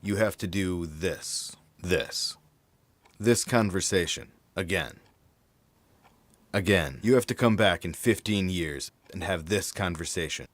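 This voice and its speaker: A man playing a calm, deadpan time traveler in his fifties. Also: sits low, slow, dry recording. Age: 50s. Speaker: older time-traveling self. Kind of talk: audio drama acting.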